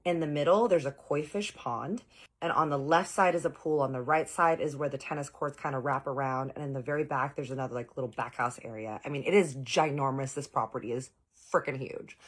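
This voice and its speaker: A woman telling a personal story in a chatty vlog style, full of fillers and asides to the viewers. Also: rumbling low.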